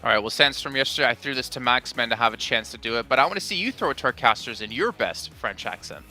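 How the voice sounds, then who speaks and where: A man runs an esports analyst desk at speed, his voice sharp and bright. He throws teasing questions to his co-hosts. Faint music plays behind him. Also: mid-range voice, expressive, fast talker.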